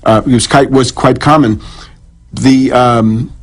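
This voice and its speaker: A man's voice: mid-range voice, fairly even intonation, slow. A man speaking as a guest on a radio interview, lecturing at length on history with frequent restarts and repeated words.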